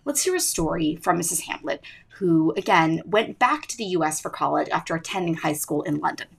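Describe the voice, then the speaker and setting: A woman's voice: sits low, expressive, fairly quick, vocal fry, slightly rough. A teenage girl hosting her school podcast, narrating from a script in an earnest, emphatic way. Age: teens. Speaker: student podcast host.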